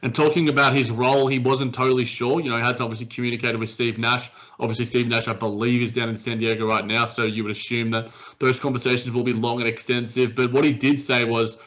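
A man's voice: medium pitch, flat delivery, fast talker, hardly any pauses, fairly bright tone, muffled recording. A man co-hosting a casual basketball podcast, rambling with frequent restarts. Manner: rambling, many restarts and fillers. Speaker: podcast co-host. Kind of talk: casual sports chat.

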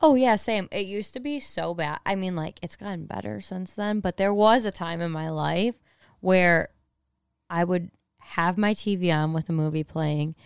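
A young woman co-hosting a podcast, chatting casually, jumping in with quick reactions and laughing along. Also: lowish voice, creaky, clean tone, dry recording, clean studio sound. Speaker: podcast co-host. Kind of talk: casual chat.

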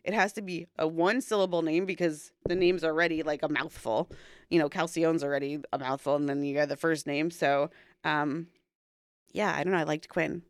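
A woman's voice: sits low, fairly even intonation, normal speed, smooth, dry recording, studio quality. A young woman chatting casually on a podcast, telling a long story with lots of fillers. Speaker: podcast co-host and new mother. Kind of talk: casual chat.

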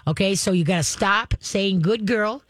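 A woman dog trainer hosting a call-in radio show, explaining leash training and acting out calm, soft commands to the dog. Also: medium pitch, moderate pace, no echo.

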